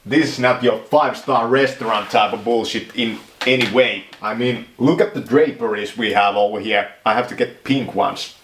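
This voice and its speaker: A man's voice: medium pitch, normal speed, hardly any pauses, fairly bright tone, roomy sound, slight background noise. A man from Finland, rambling jokingly through a casual monologue in his home kitchen. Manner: joking, rambling, laughs often. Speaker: vlogger.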